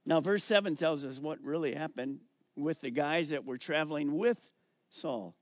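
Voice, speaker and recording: A middle-aged male pastor preaching a sermon, emphatic and slowing down on key words as he reads scripture aloud. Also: fairly high pitch, dry recording, clean studio sound.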